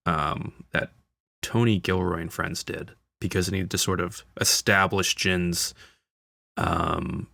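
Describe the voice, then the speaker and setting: A man's voice: sits low, a bit bright, no echo, studio quality. A man hosting a casual film commentary, talking like an enthusiastic fan with frequent fillers and restarts. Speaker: channel host.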